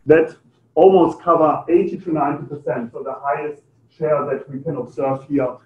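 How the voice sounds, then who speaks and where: A man with a German accent lectures an audience, pausing often with ums and uhs. His voice sits a little high. The sound is muffled and lo-fi. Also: steady tone. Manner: hesitant, many fillers. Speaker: lecturer on carbon pricing.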